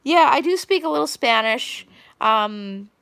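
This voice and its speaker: Chatty Long Island woman with vocal fry. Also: high-pitched, animated, unhurried, fairly bright tone, no room sound, clean studio sound. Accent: Long Island New York. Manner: rambling, chatty, greets viewers by name. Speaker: live-stream host. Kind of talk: casual live-stream chat.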